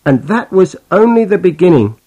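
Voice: mid-range voice, big pitch swings, moderate pace, warm tone, husky, low-quality recording. Voice actor as a fed-up tenant guy, weary complaining storyteller, scripted textbook listening narration. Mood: exasperated. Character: exasperated male tenant, Mister Brown.

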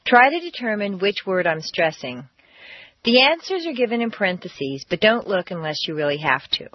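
A woman narrating a pronunciation lesson on an audio course, speaking clearly and deliberately with exaggerated word stress. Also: medium pitch, very animated, dry recording, muffled recording. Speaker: pronunciation teacher. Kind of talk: scripted language-course narration.

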